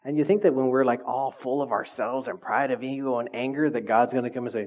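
A male pastor preaching a conversational sermon, animated and full of asides to the congregation. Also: mid-range voice, moderate pace, muffled recording.

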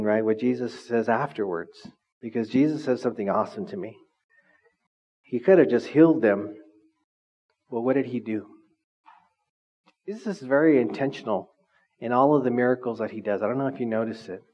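A man's voice: mid-range voice, darkish tone. Middle-aged man preaching conversationally. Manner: conversational, asks the congregation questions. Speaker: pastor. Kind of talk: sermon. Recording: slightly dull, lo-fi recording.

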